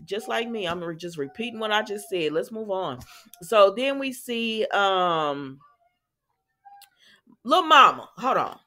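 Woman, soap recap host, casual chat, chatty, animated retelling, mid-pitched voice. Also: unhurried.

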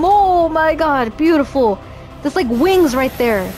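A woman doing let's play commentary, excitable and cheering herself on, swearing freely, with game music behind. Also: high voice, measured pace. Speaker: gamer. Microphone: headphones.

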